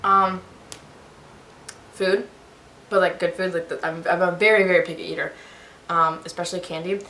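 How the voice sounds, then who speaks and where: A young woman with a bright, clear voice jokes around bluntly and cheekily, speaking over a faint hum at home. A camera on a tripod picks her up. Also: fairly low pitch, steady tone, moderate pace, roomy sound. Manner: goofy, blunt, jokey. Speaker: guest friend. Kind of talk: casual chat with a friend.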